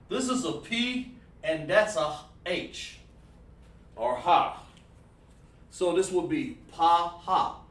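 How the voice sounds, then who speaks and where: Male instructor, fairly high voice, patient, keeps checking in, roomy echo. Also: a bit bright. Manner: patient, checks in with repeated "okay, all right", praises students. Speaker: class instructor. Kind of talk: livestreamed language class. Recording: echoey room, voice far from mic.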